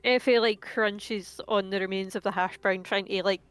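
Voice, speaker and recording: A woman's voice: mid-range voice, fairly even intonation, normal speed, a bit bright, smooth, dry recording. A woman narrating her character's actions in a tabletop game, casual and full of fillers. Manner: casual, filler-heavy, playful. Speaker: player.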